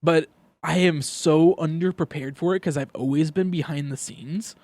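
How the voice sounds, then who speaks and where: A young man chatting on a podcast, his voice sitting a little high for a guy. The sound is dry and close with no room around it. He tells stories in a loose, rambling way and often repeats words mid-thought. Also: normal speed, a little mellow, dry recording. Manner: storytelling, repeats words while thinking. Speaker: podcast co-host. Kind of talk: casual chat.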